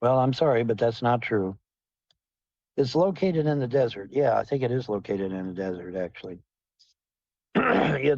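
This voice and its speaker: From inside a car, a man hosts a livestream, rambling and cursing while he answers questions from chat. His voice is medium-pitched and darkish, and the stream audio is dull, dry, and lo-fi.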